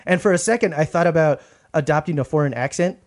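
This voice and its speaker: A man's voice: a little high, fast, a little hiss or hum. A man co-hosting a comedy podcast, telling rambling anecdotes in casual chat. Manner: rambling storyteller, acts out quoted voices. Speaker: podcast co-host.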